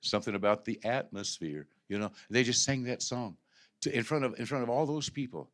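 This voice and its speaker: Fiery man preaching with a bright edge. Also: mid-range voice, fairly quick. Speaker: pastor. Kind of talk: sermon. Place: church sanctuary.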